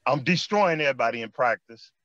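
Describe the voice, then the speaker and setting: Speaking fast at medium pitch, a man with a Chicago accent, once a basketball player, tells animated street stories in an interview chat. He repeats his phrases and often says "man." The recording is dry with a lo-fi sound.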